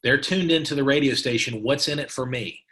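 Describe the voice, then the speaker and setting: A man's voice: medium pitch, fairly quick, sharp tone. A middle-aged man, a company president, giving a motivational sales training talk, emphatic and repetitive, with many restarts and a coaching tone.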